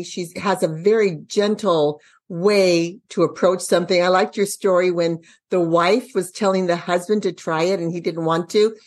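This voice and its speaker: A woman's voice: on the low side, a little mellow. A woman business coach interviewing a guest, encouraging and upbeat. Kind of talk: casual interview.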